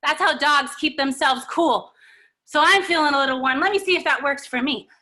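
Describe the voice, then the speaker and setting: A woman leading a children's yoga lesson, animated and encouraging, with sing-song storybook chanting as she greets kids by name. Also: high voice, moderate pace. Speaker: kids' yoga teacher.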